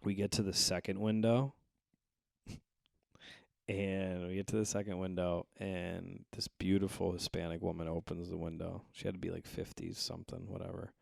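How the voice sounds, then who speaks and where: A young stand-up comedian, appearing as a guest while hungover, tells profane stories in casual chat and animatedly acts out the voices in them. His voice sits low and gravelly at a normal speed, captured in clean studio sound with no room sound.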